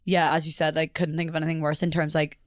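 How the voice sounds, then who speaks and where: A woman's voice: deep voice, flat delivery, quick pace, dry recording, clean studio sound. A young woman co-hosting a podcast, chatting bluntly and crudely with frequent laughs. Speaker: podcast co-host. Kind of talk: casual chat.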